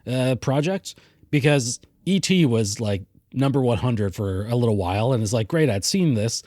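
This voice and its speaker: Man, podcast co-host, casual film review chat, mid pitch, dry close mic, laughs at himself. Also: expressive, moderate pace, dark tone, dry recording. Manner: chatty, self-deprecating, laughs easily.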